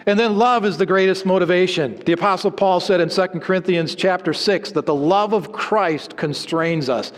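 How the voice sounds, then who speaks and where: A man preaching a sermon, telling an illustrative story and dropping to low, quiet emphasis on key words. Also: moderate pace, hardly any pauses, in a large hall.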